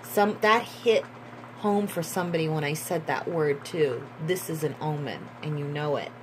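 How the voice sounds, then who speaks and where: A woman giving a tarot reading in a slow, musing way, repeating herself and breaking into excited bursts. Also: low voice, slight background noise, low-quality recording. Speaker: tarot reader.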